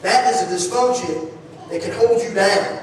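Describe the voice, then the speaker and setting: A man's voice: sits high, moderate pace, a little hiss or hum. A man preaching a sermon in church, talking conversationally, restarting phrases and asking the congregation questions. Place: church sanctuary. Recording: echoey hall, distant mic.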